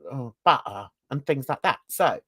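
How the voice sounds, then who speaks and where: A woman's voice: mid-range voice, animated, unhurried, no room sound. An older woman from London, hosting a casual, opinionated and rambling chat. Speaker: host.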